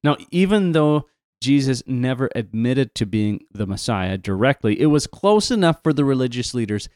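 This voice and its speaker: A man's voice: medium pitch, darkish tone, no room sound, studio quality. A man co-presenting a retelling of a Bible story, talking casually with emphatic asides and restarts.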